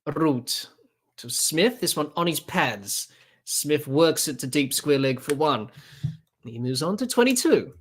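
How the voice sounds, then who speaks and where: A man's voice: a little high, lively intonation, a little slow, breathy edge. A man hosting a podcast, giving unscripted play-by-play cricket commentary with fillers and restarts. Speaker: podcast host doing live match commentary.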